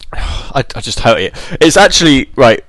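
Male host, rambling self-deprecating chatter, animated delivery. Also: mid-range voice, slow pace, dry recording. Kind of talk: casual chat.

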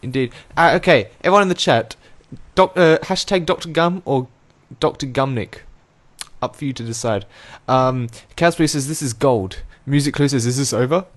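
A man's voice: mid-range voice, normal speed. A young man hosting an online radio show, chatting casually, laughing often and stumbling over his words as he reads out comments. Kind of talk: casual chat, reading out chat comments.

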